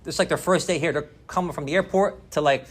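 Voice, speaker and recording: A man's voice: a little high, fast, breathy edge. A young adult man giving a rambling personal recovery share, full of slang, swearing and constant "like" and "right?" tags. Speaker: recovery meeting speaker.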